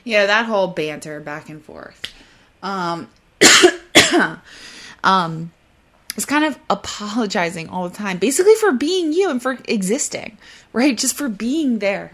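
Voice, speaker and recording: A woman talks casually on her own podcast, speaking fast and excitedly while trying to slow herself down. At times she mimics flustered apologies in a high voice.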